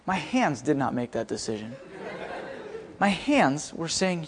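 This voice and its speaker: Man, high voice, young adult, animated storytelling sermon, acts out quotes, chapel speaker. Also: normal speed, some chatter behind, a little hiss or hum.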